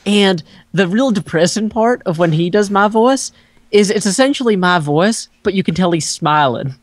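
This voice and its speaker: A man with a Southern American twang speaks in a slightly higher voice, drawling his dry, self-deprecating jokes at an easy pace. The sound is close and dry, with no room echo. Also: animated, normal speed. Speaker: guest. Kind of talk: casual late-night chat.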